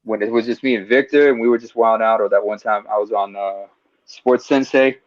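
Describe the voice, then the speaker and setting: A man's voice: on the low side, steady tone, brisk, no room sound. Agreeable co-host man, lo-fi sound. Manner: agreeable, frequent affirmations. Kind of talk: casual podcast chat. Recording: dull lo-fi mic.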